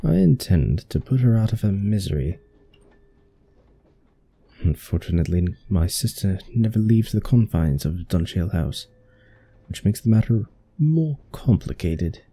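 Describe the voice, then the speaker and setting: A scheming young heir in a game, his low, gravelly voice coming slow, measured and cold in a put-on British accent, as a man puts him on. The tone is dark and husky. He lays out his plan without any hurry. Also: sing-song, full character voice. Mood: coldly scheming. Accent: attempted British accent. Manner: cold, measured villain narration. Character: scheming young male heir plotting murder.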